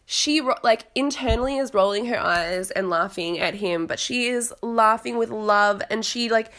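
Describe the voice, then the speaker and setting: A woman's voice: on the high side, normal speed, a bit bright. A woman casually chatting as a podcast host, gossipy and dramatic, with lots of filler words. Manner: dramatic, acts out quotes of others. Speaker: podcast host recapping a reality show. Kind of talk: casual chat.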